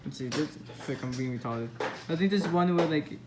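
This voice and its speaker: A woman's voice: low voice, a little fast, music in the background. A woman casually rambling over her old story, mocking herself with lots of fillers. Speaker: vlogger.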